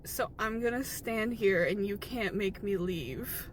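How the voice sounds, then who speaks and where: A woman playing a slow, stubborn, indecisive customer in a flat, unhurried manner. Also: medium pitch, slight background noise, pitched below the performer's own voice, natural voice. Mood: deadpan.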